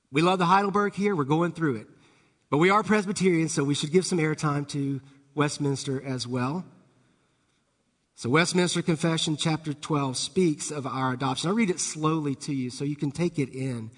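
A man pastor preaching an evening sermon in a church, rising louder and higher on key words and sinking soft and low on others. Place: church sanctuary. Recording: long hall reverb.

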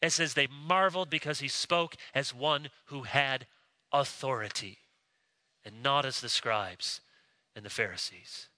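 A man preaching a sermon, animated, acting out quoted voices as he explains a Bible passage. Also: mid-range voice, a little slow, no echo. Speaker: pastor.

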